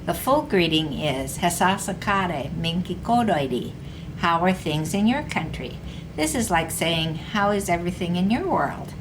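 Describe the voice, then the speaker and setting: A woman teaching a recorded language lesson, explaining slowly and repeating example phrases. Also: on the low side, expressive, background noise.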